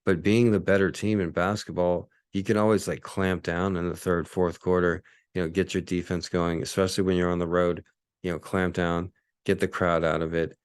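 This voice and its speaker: A man with a very low, deep voice talks through a casual solo podcast from his apartment. He rambles and swears, circling back with fillers and restarts. The sound is close and dry. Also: flat delivery, normal speed, clear, resonant tone, no room sound. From Hawaii. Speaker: podcast host.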